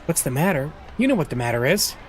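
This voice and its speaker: A man voicing a gruff, protective middle-aged father who talks bluntly, firm and flat. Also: a little high, fast talker, slight background noise, voice pushed up. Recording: voice over game music.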